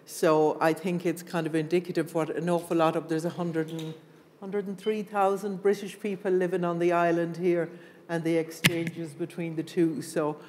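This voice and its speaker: Woman politician, even flat voice, repeats words, long hall echo. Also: deep voice. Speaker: politician on a panel. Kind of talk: panel discussion. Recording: hall with long reverb, faint hum.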